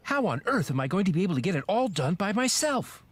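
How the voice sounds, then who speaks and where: A man's voice: high-pitched, big pitch swings, fast talker, very noisy. An actor playing a kindly older grandfather, cheerful and chatty with old-fashioned turns of phrase, in a cartoon. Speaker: Bob's father. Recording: cartoon soundtrack with loud music.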